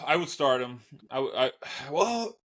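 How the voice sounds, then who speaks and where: A man's voice: mid-range voice, sing-song, slow pace, a bit bright. A man co-hosting a casual fantasy football podcast, laid-back and laughing, often agreeing with his partner. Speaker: podcast co-host.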